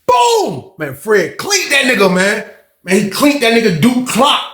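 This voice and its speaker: A man with a high-pitched voice tells a prison story in profane street slang. His delivery is animated and casual, and the echoey room gives his voice a roomy ring. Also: normal speed. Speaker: vlogger, storyteller.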